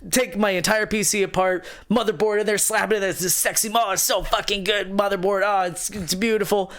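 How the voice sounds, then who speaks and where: A man co-hosting a gaming podcast, telling a story in casual chat, animated and profane, with loud exasperated outbursts. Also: high-pitched, brisk. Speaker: podcast co-host.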